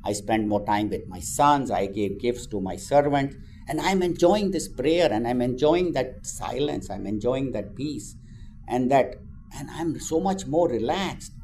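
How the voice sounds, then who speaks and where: A man voicing a formerly rude businessman in his fifties, now softened and earnest. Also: mid-range voice, animated, measured pace, slight background noise. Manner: earnest, wondering questions. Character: rude older businessman, humbled and calmed.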